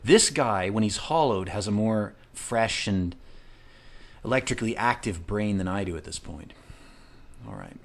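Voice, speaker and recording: A man's voice: on the low side, animated, measured pace, gravelly. A man in his thirties giving profane, joking commentary while playing a video game. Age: 30s. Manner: profane, jokey, rambling asides. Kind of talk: comedic let's-play commentary.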